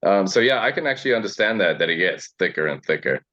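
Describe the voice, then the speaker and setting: A young South African actor chatting casually in an interview, relaxed and quick to laugh, with filler words. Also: male voice, low-pitched. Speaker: actor guest. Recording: dull lo-fi sound.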